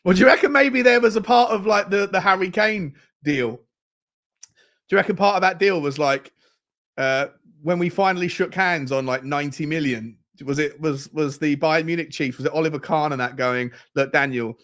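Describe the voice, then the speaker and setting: A man's voice: a little high, moderate pace, fairly bright tone. A man hosting a live football fan watchalong, chatting casually, reading out viewer comments and putting questions to his audience. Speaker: football fan channel host.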